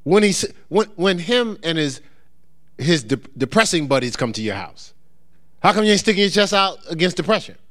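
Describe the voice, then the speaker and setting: Preaching a sermon in a relaxed, chatty style, a middle-aged pastor lets his fairly high voice rise and fall as he mimics the people in his stories. His pitch swings widely, his pace is fairly quick, and his tone is slightly bright.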